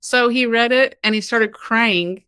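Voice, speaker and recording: A woman from Kansas, a podcast guest, telling her personal story in a lively, candid way with laughs and frequent "like". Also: on the high side, measured pace, clean tone, no room sound. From Kansas, United States.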